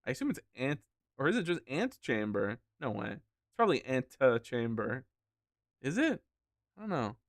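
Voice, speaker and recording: A man's voice: mid-range voice, big pitch swings, normal speed, dry recording, clean studio sound. A male streamer joking while reading game dialogue aloud. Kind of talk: game let's play commentary.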